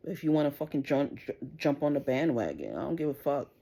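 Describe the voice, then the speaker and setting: A woman's voice: low-pitched, very animated, brisk, dark tone, husky. A middle-aged woman venting an angry, profane rant straight to camera, jabbing with "you understand?" over and over. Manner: profane, confrontational, keeps asking "you understand?". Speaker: vlogger.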